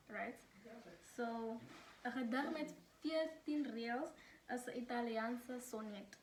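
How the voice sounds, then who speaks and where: Speaking from home during load shedding, this student tutor, a young woman from South Africa, shares study tips in a chatty, laughing way, switching between English and Afrikaans. Her voice is a little high. The recording picks up slight background noise, echoes off the room, and comes from a distant mic.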